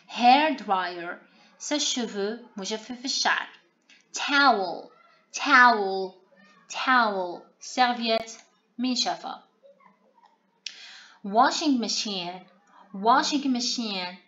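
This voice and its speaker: A woman with a fairly high voice works through a vocabulary lesson. She says each word three times at a very slow, careful pace. The recording is a little dull and lo-fi. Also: fairly bright tone. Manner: explains pronunciation plainly. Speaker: language teacher. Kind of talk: vocabulary lesson, repeating words.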